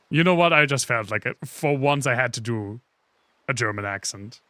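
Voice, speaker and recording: A man giving casual, joking commentary while playing a game, sarcastic and quick to swear and laugh. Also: medium pitch, lively intonation, sharp tone, dry recording.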